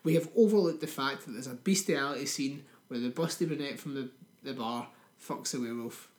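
A man's voice: medium pitch, fairly quick. Crude joking man, roomy sound. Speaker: podcast co-host. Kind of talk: casual film-review chat. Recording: roomy echo.

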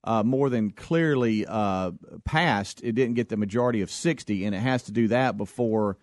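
A man co-hosting a talk radio show, explaining things in a measured way with fillers. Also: on the low side, darkish tone, dry recording, clean studio sound. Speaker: radio co-host.

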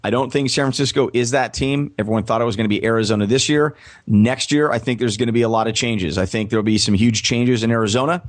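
A man speaking as a guest on a sports podcast, talking in a measured way and spelling out his website slowly. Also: medium pitch. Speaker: guest, press box announcer and career coach. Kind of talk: podcast interview.

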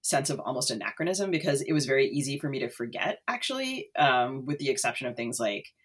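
Woman talking about a novel, kinda husky, lots of ums, thinks out loud. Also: extremely low pitch, sing-song, fast. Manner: thoughtful, hesitant, many fillers. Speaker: book discussion co-host. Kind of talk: casual book chat.

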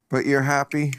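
A man's voice: medium pitch, a little hiss or hum. A man hosting a loose, casual conversation, joking wryly and laughing often as his sentences trail off. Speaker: host.

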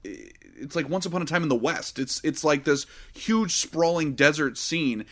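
A man co-hosting a casual movie podcast, retelling scenes in an excitable, profane way. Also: a little high, normal speed. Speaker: podcast co-host. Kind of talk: casual movie review chat.

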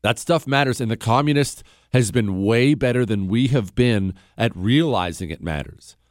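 A man's voice: medium pitch, lively intonation, normal speed, dry recording. Emphatic male talk radio host, dry studio sound. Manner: emphatic, conversational, opinionated. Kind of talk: call-in talk radio monologue.

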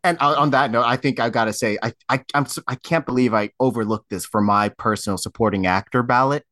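A man's voice: medium pitch, fast, sharp tone, dry recording, clean studio sound. Enthusiastic man chatting, laughing often. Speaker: podcast guest film critic. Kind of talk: casual chat.

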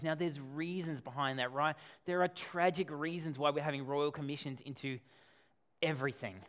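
A man preaching a sermon as a pastor, conversational and animated, with asides and rhetorical questions. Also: on the high side.

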